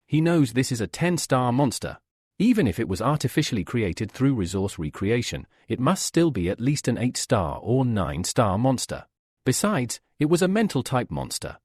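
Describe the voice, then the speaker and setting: A man narrating a comic recap in steady scripted storytelling. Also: mid-range voice, normal speed, husky, no room sound, studio quality. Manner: steady storytelling, reads all quotes.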